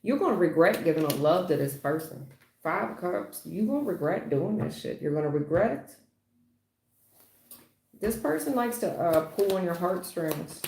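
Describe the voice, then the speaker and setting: A woman's voice: fairly low pitch, sing-song, moderate pace, vocal fry, darkish tone, echoey room, slight background noise. A woman doing a livestream tarot reading, blunt and emphatic, swearing casually as she lays out the cards. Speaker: tarot reader.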